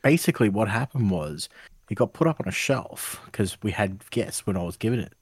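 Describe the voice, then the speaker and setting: A man's voice: fairly low pitch, lively intonation, brisk, slightly rough, no echo, clean studio sound. A man co-hosting a podcast in a casual chat, blunt and dryly teasing. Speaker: podcast co-host.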